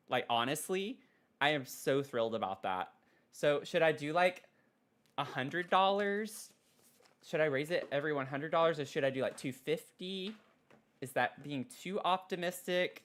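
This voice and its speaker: A man streaming casually at his desk mic, excitable and giggly, cooing softly to his pet between thanks to viewers. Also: on the high side. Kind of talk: casual live-stream chat. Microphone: desk microphone.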